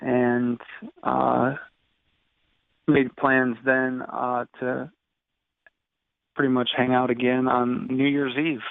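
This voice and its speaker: A man's voice: medium pitch, completely flat delivery, vocal fry, dry recording. Man in his thirties over a tinny line. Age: 30s. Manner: halting, many fillers and restarts. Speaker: guest. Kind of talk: personal storytelling interview. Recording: dry tinny phone-like sound.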